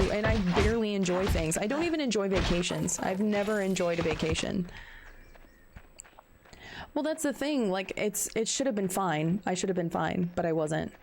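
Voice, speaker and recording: A woman in her thirties talking candidly in casual chat, questioning herself and halting with fillers. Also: mid-range voice, gravelly, very noisy. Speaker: stream co-host.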